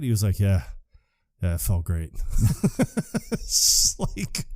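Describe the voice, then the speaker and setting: A man co-hosting a podcast, retelling a film scene in casual chat, quick to quote the characters. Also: lowish voice, no echo, clean studio sound. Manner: animated retelling, quick quotes, frequent laughs. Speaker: podcast co-host. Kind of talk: casual movie recap chat.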